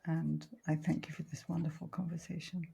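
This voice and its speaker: A woman hosting a podcast, speaking in a reflective, measured way. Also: low voice, little pitch movement, gravelly, dark tone, slightly rough. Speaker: podcast host, therapist.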